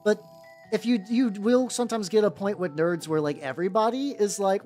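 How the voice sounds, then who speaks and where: Rambling, animated male streamer. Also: high-pitched. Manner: rambling, halting, many restarts and fillers. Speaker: streamer painting miniatures. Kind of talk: casual livestream chat with viewers. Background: faint background music.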